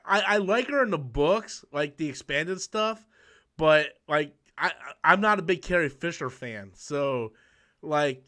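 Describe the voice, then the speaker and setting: High-voiced man ranting and cursing. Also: expressive, measured pace, pushed and bright. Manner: profane, ranting, mocking, with mimicked quotes. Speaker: channel host. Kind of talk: casual live-stream chat.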